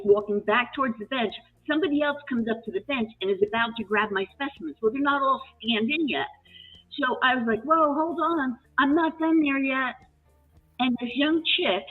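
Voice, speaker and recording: Woman, casual storytelling, fairly high voice, husky, phone-line sound, faint music behind. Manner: animated, emotional retelling with restarts. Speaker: live chat guest.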